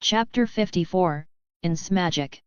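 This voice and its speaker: Smooth, mechanical-sounding female narrator. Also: lowish voice, a little slow, no echo. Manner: even, mechanical reading, even asterisks read aloud. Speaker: audiobook narrator. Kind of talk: synthetic-sounding webnovel narration. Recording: dry, slightly dull lo-fi audio.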